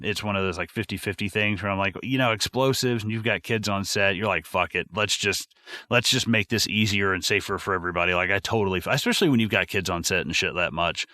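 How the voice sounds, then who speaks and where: A man co-hosting a podcast, recapping a movie in casual chat, excitable and profane, with lots of fillers. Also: fairly low pitch, a little fast, no echo, studio quality. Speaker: podcast co-host.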